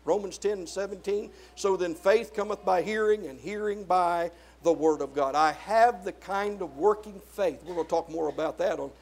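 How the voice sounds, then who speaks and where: A man preaching a sermon, drawing out single words and swinging from loud, stressed peaks down to low, quiet asides. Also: moderate pace, gravelly, few pauses. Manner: rising to loud emphatic peaks, then dropping low.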